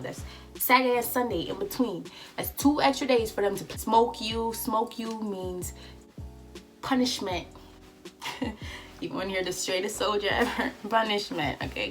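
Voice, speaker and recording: Chatty young woman vlogger. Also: mid-range voice. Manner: animated, chatty, advice-giving. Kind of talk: casual storytime vlog. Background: faint background music.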